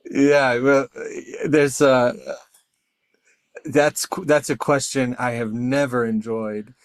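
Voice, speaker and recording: Man, middle-aged, casual interview guest, lively and self-mocking, medium pitch, dry close sound. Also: takes it slowly, clear, resonant tone, dry recording. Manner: animated, self-deprecating, acts out quoted voices. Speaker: guest, storyteller and artist.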